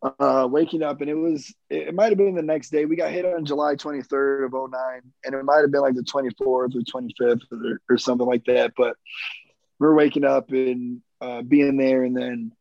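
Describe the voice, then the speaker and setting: Gravelly thirtysomething vet guy rambling thru his story, lots of cussing and "like", dull dry audio. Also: mid-range voice, fairly even intonation, normal speed, dry recording. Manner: rambling, profane, many fillers. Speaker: military veteran guest. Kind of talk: casual personal storytelling.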